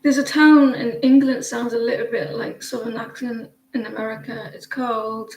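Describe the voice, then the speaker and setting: A woman's voice: fairly high pitch, little pitch movement, normal speed, darkish tone, roomy sound, low-quality recording. A woman hosting a live tarot stream, chatting with viewers in a rambling way and often restarting her sentences.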